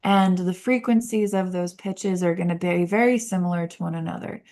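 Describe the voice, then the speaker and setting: Young woman, podcast host explaining therapy, chatty with lots of fillers, vocal fry. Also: on the low side, moderate pace, darkish tone. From Baltimore. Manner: chatty, many fillers and tangents. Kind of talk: casual educational talk.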